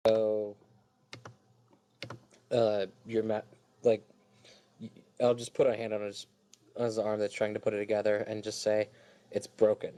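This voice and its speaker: A man's voice: lowish voice, monotone, measured pace, long pauses, dark tone. A man playing a tabletop game, speaking hesitantly and drily. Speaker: player.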